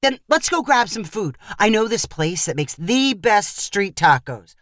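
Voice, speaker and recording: A woman voicing an overeager, oblivious young man who talks in a brash, upbeat way, raised higher and louder than her narration. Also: very animated, a little slow, dry recording, studio quality. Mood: eager.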